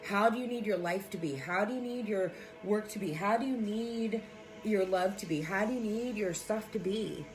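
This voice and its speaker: A woman's voice: mid-range voice, normal speed. Woman, spiritual coach on a casual live stream. Blunt, profane and affectionate, with faint music underneath. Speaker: spiritual coach and sound healer. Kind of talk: casual live-stream chat, answering viewers. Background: soft background music.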